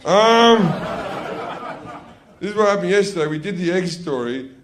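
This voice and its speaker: A man's voice: high-pitched, expressive, normal speed, background noise. A man with an Australian accent doing profane stand-up comedy on a club stage, telling a brash story to a laughing audience.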